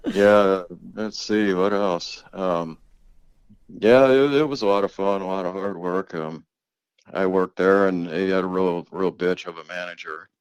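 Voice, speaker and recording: Speaking slowly with frequent pauses, the host's father tells meandering stories in a casual chat, often laughing and cursing without restraint. His low voice has a clear, resonant tone, and there's no echo, though the recording is rough.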